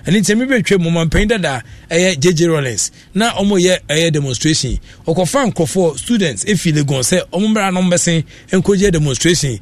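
A man's voice: a little high, expressive, a little fast, few pauses. A Ghanaian man hosting a radio show, giving rambling casual commentary that mixes Akan and English.

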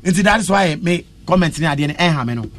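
A woman's voice: fairly low pitch, lively intonation, quick pace, a little hiss or hum. A Ghanaian woman musician, a guest in a casual interview, mixes English and Twi and often breaks into chanting and song.

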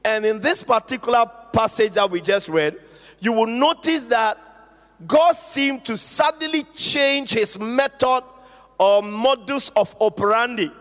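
A man's voice: very high voice, fairly bright tone. A man preaching a sermon to a congregation, calling for responses and stretching out key phrases. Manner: call-and-response preaching, drawn-out emphatic phrases. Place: church hall. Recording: echoey hall with long reverb.

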